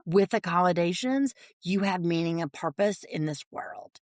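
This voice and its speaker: A woman, a podcast guest telling a personal story, animated and quick to laugh. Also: on the low side, no room sound, studio quality. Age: 40s. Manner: animated storyteller, acts out family voices, laughs often.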